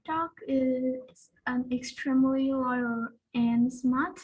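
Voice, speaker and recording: A woman answers her English class prompt slowly, with deliberate and formal wording. Her voice is high and a little breathy. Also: steady tone, darkish tone, rough recording. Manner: careful, deliberate, formal phrasing. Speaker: student. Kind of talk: answering a speaking test question.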